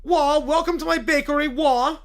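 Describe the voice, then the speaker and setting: A woman's voice: high voice, steady tone, moderate pace, voice pushed up. A man voicing a sobbing young woman baker with a put-on British accent, wailing as she talks. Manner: wailing, tearful "wah" sobs.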